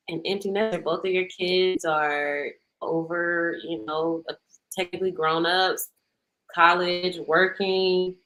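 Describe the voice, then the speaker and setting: A woman co-hosting a casual podcast, asking questions and reacting in a relaxed way. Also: lowish voice, poor audio. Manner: relaxed, asks questions and reacts with short remarks. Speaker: podcast co-host. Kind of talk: casual chat.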